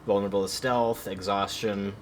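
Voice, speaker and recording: A man's voice: fairly low pitch, fairly even intonation, normal speed, slight background noise. A man casually commenting while he plays a video game on a stream, wry and sardonic, swearing freely.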